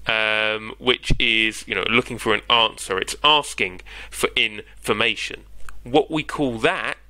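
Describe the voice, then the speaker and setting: British man, tutor, bright clear voice, dry close sound, patient conversational lesson. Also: mid-range voice, no room sound, low-quality recording. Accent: British English. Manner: patient, conversational, checks in with "yeah?". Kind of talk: explaining grammar in an online lesson.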